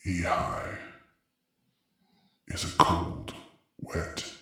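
A man voicing the unseen, wolf-mouthed being in a tabletop game, speaking in a cold, slow, breathy half-whisper. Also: sharp tone, heavy reverb, far from the mic. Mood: scornful.

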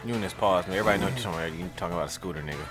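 A man's voice: low-pitched, very fast, over loud music. A man co-hosting a podcast at a mic, bantering casually with plenty of teasing and swearing. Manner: teasing, profane and joking. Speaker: podcast co-host.

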